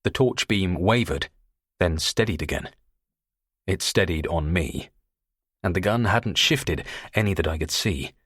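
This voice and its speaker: A man narrating a thriller audiobook in the first person, tense and measured. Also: low voice, animated, a bit bright, slightly rough, no echo, studio quality.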